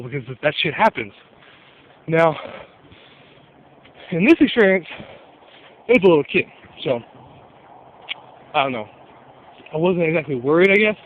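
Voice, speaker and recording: A man's voice: a little high, dull audio, a little hiss or hum. A young man telling a story in a casual, profane rant, exasperated, with laughing asides.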